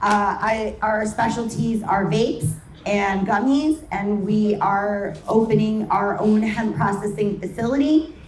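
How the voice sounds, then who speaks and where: A woman's voice: mid-range voice, measured pace, slight background noise. A woman from New York speaking as a panel guest at a live event, talking in a passionate, rallying way and swearing freely. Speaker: panel guest, cannabis company co-founder. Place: event stage before a live audience. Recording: echoey event space, distant mic, crowd.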